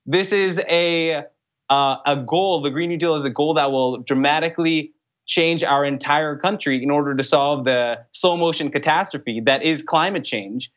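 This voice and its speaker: A young man answering interview questions as a political candidate, in an earnest, brisk way with frequent fillers. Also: on the high side, a bit bright. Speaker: congressional candidate. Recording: dull lo-fi sound.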